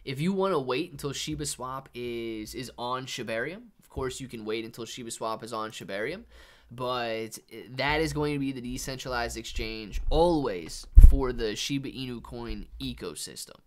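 A man's voice: medium pitch, moderate pace. Chatty man hosting a market livestream. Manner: casual, says "man" often, chatty asides to viewers. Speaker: livestream host reading chat. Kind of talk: casual live market commentary.

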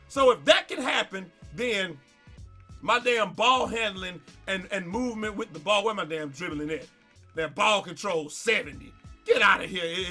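A man's voice: high voice, bright, forceful tone. A man who makes gaming videos, ranting in an exasperated way over gameplay, with stammered repeats and swearing. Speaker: gaming YouTuber.

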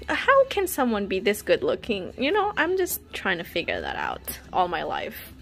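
A woman's voice: medium pitch, huge pitch swings, unhurried, vocal fry, fairly bright tone, soft background music. A young woman chatting casually while unboxing albums, gushing and dramatic, full of laughs and sudden whispers. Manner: gushing and dramatic, lots of "like" and "wow", frequent laughs, drops to whispers. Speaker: K-pop fan vlogger.

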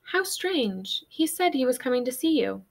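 A woman's voice: high voice, big pitch swings, normal speed, creaky, pitched above the performer's own voice, exaggerated voice. A woman voicing a scheming aunt who talks in a sticky, syrupy sweet way that turns cold.

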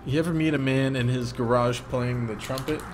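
A man's voice: medium pitch, fairly even intonation, moderate pace, over music, lightly acted. A man playing a folksy rambling old man. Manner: folksy, storytelling, mock-wise.

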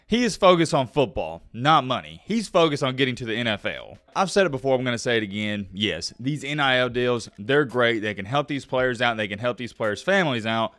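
Male sports vlog host, animated and quick, dry close-mic sound. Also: medium pitch, clear, resonant tone, no room sound. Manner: animated, fast-talking, with sudden loud bursts. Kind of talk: casual commentary vlog.

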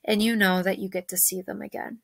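A woman teacher who reads a novel aloud and reflects on it gently with her class, often pausing with "you know". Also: medium pitch, steady tone, creaky, no room sound.

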